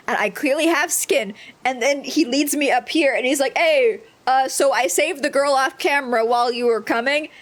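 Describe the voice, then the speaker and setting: A woman streaming herself playing a video game, commenting casually and excitedly, joking and swearing freely. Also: high voice, normal speed.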